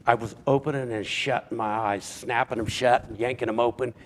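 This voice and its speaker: A man telling his personal testimony in a halting way, stumbling over words and repeating them as he searches for what to say. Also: medium pitch, fairly even intonation, a little hiss or hum. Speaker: church member giving a testimony.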